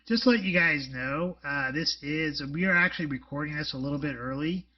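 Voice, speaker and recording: A man's voice: fairly high pitch, brisk, distant mic, highs cut off. A man co-hosting a casual podcast chat, rambling with lots of fillers and blunt jokes. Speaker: podcast co-host.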